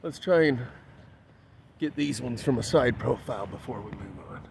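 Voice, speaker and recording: A man's voice: medium pitch, expressive, moderate pace, gravelly. A man, walking around a stone building outdoors and talking casually to his own camera as he points things out. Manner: chatty, pointing things out, counting aloud. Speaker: vlogger. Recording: outdoor handheld camera, faint street noise.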